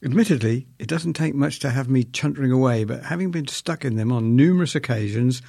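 An older Englishman reads his own comic story aloud, wry and self-mocking, grumbling along as he goes. His voice sits at an ordinary pitch and is recorded dry and close. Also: a little fast, creaky, dark tone, breathy edge, no echo. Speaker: columnist reading his own piece. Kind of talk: humorous first-person story reading.

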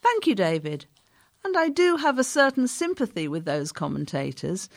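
A woman's voice: mid-range voice, sing-song, moderate pace, vocal fry, no room sound. A woman radio presenter speaking in a friendly, conversational way.

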